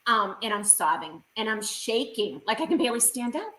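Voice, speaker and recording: A woman with a bright, slightly high voice tells an emotional personal story as an interview guest. Her telling is vivid and heartfelt. She is on a video call in an echoey room. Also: sing-song, fairly quick. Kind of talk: recounting a personal experience in an interview.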